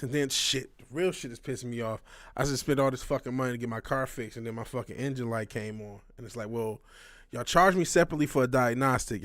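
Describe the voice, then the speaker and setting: A man in his thirties hosts a casual livestream, his voice sitting at an ordinary middle pitch. He rambles and talks frankly, swearing often and doubling back on his sentences. The sound is dry and close, with no room around it. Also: a bit bright, no echo. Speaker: livestream host.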